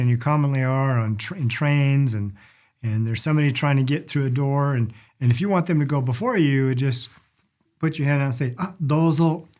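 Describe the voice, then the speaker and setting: A middle-aged man giving a casual lesson on polite phrases, repeating each word slowly for learners. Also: medium pitch, darkish tone. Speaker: language and culture teacher. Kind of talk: casual instructional talk.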